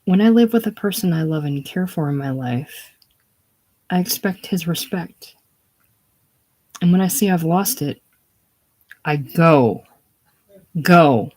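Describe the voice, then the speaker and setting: A reader voicing a brash, combative middle-aged woman who lives in a trailer, speaking in a loud, scornful, mocking way in a casual play reading. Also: mid-range voice, expressive, takes it slowly, long pauses.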